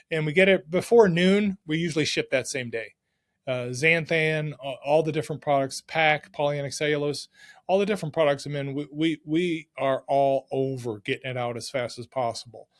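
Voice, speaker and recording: A middle-aged man, a podcast guest, telling stories from his working life in a casual, excited and energetic way. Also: mid-range voice. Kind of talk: casual storytelling.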